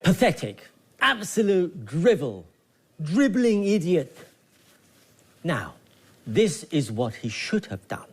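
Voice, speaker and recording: Brief: a man as a slow, florid, sneering drama tutor. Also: on the high side, very animated, slightly rough, exaggerated voice. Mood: scornful. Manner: theatrical, scornful, declaiming. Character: pompous male acting coach. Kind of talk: comedy sketch character.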